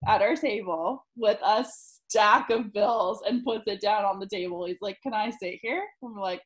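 A young woman podcast host telling a story in casual chat, animated, laughing often and peppering her talk with "like". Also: mid-range voice, moderate pace, low-quality recording. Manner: animated, laughing, lots of "like", swears freely.

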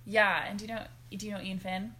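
A woman's voice: medium pitch, little pitch movement, fast, pushed and bright. A woman hosting a casual chat, laid-back and slangy, swearing freely and laughing often. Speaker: podcast host.

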